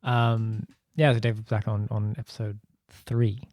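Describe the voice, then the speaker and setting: A man's voice: on the low side, level tone, moderate pace, a little mellow, dry recording. A man hosting a podcast, chatting casually with rambling, giggly talk full of restarts. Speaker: podcast host.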